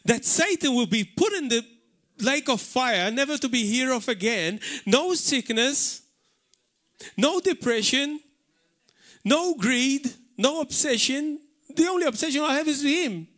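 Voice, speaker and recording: A man from Malta with a Maltese accent, preaching an animated sermon in a church hall. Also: very high-pitched, unhurried. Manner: animated preaching, shouting out acted warnings.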